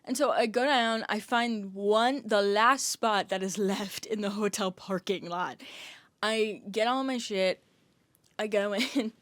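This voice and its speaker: A woman's voice: medium pitch, slow pace, fairly bright tone, no echo. Rambling young woman podcaster, dry sound. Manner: rambling, peppered with "like", swears freely. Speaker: podcast host. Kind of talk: casual storytelling rant.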